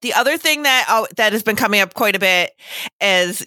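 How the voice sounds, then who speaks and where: A woman co-hosting a casual podcast, chatty and animated, with lots of fillers. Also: mid-range voice, a little fast, no room sound, studio quality. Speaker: podcast co-host.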